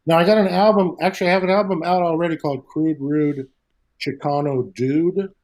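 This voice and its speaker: Laid-back Southern California comedian. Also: male voice, on the high side, steady tone, a little fast, a little mellow, poor audio. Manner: laid-back, laughs at own stories. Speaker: stand-up comedian guest. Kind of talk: casual chat.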